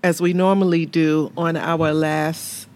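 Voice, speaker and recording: A woman's voice: low voice, little pitch movement, slow, a little mellow. A married woman in her fifties co-hosting a podcast with her husband, laughing easily and speaking earnestly. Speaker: podcast co-host. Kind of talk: casual chat.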